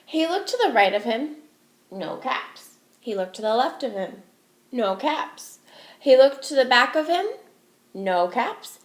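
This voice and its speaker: A woman teacher reading a storybook aloud to young children, expressive and slow, asking her listeners questions. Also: fairly high pitch. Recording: echoey room.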